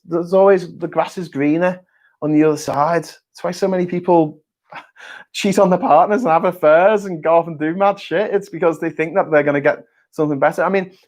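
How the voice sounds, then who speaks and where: A man with a somewhat high voice talks through news and politics on his own. He rambles, cracks jokes at his own expense and stumbles into restarts and repeats. He swears now and then in a loose, casual way. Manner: rambling and jokey, self-mocking asides, swears casually; frequent restarts and stammered repeats. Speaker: vlogger.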